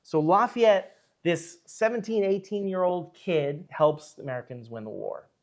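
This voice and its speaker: A man working as an archivist and historian, retelling history in a lively, rambling way and filling it with asides and "you know". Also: high voice, normal speed. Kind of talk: storytelling history in an interview.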